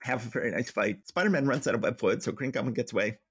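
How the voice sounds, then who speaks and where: A man's voice: medium pitch, quick pace, a bit bright, slightly rough, no echo, studio quality. A man co-hosting a podcast, casually recapping comic book plots and reading quoted dialogue in a light voice. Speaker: podcast co-host.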